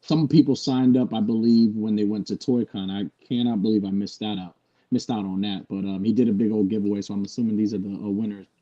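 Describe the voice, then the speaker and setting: A man's voice: lowish voice, fairly even intonation, fast, warm tone. A man chatting in an easygoing, rambling way during a casual live stream. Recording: dull lo-fi call audio.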